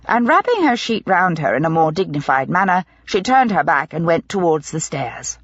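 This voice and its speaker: A woman narrating a mystery audiobook in a measured, expressive storytelling manner. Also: on the low side, slightly rough, dry recording, highs cut off. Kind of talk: scripted narration.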